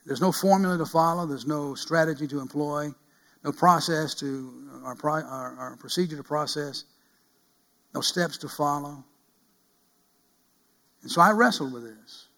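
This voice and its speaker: A middle-aged male pastor preaching with a somewhat high voice. He talks in earnest, rising to loud cries and dropping to hushed pleading. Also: a little slow, creaky, pauses often. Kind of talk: sermon.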